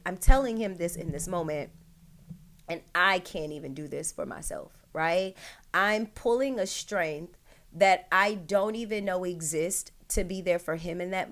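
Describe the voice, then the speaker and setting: A woman's voice: medium pitch, a bit bright. A woman hosting her own show, telling an emotional personal story straight to her listeners with many "like" and "right?".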